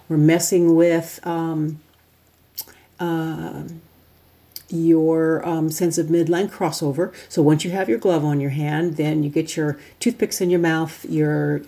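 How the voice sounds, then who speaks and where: Low, warm-voiced woman presenter. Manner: chatty, walks listeners through an exercise step by step. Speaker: workshop presenter for teachers. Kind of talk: instructional talk.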